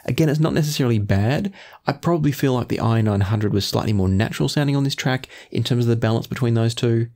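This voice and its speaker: A man reviewing earphones in measured talk, often qualifying his claims. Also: medium pitch, darkish tone. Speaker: audio gear reviewer.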